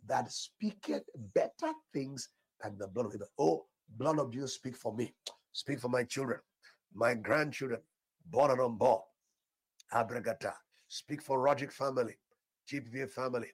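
A man's voice: medium pitch, husky. An older male pastor leading fervent prayer, repeating short declarations and breaking into speaking in tongues.

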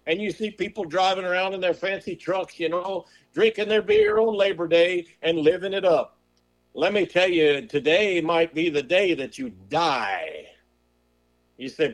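Man preaching emphatically, fairly high voice. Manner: emphatic preaching with rhetorical questions; slows and drawls on scripture quotes. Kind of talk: sermon.

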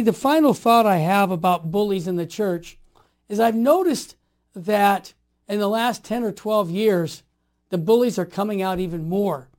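A man in his sixties tells stories with emphatic, animated delivery. His voice sits fairly high with a mellow, warm tone. He swings from hushed asides to forceful calls to action. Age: 60s. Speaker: guest. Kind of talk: storytelling in conversation.

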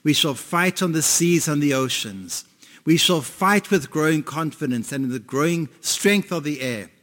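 A man impersonating an elderly wartime prime minister, slow and declamatory. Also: medium pitch, fairly bright tone. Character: defiant elderly male wartime prime minister giving a speech. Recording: long hall reverb.

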